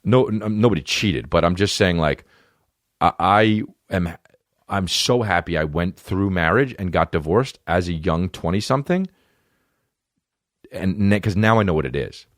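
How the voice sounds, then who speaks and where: A low-voiced man rambles through a comedy podcast, swearing freely and lurching between swooping highs and lows. The sound is dry and close, with little room around him. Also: lively intonation, normal speed, no echo. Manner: profane, rambling, jumps into goofy voices. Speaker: podcast host. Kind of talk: casual comedic chat.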